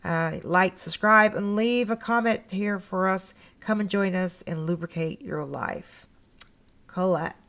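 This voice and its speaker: A woman's voice: mid-range voice, a little slow, creaky, a bit bright. A middle-aged woman from Canada hosting a podcast in casual chat, talking with many fillers and frequent laughs. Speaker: podcast host.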